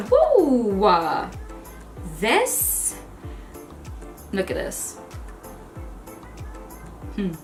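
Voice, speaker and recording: A woman's voice: fairly high pitch, a bit bright. A woman vlogger unboxing beauty products and trying them on, chatting casually and gushing over each item. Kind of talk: casual unboxing and makeup try-on. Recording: echoey room with faint music.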